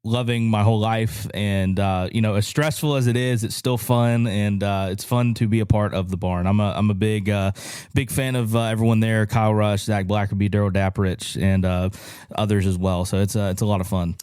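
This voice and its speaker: Smooth-voiced young man, chatty. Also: fairly low pitch, steady tone, a little fast, a little mellow, no room sound, clean studio sound. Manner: chatty, heavy fillers, laughs easily. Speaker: podcast producer and co-host. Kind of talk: casual chat. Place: podcast studio. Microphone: studio microphone.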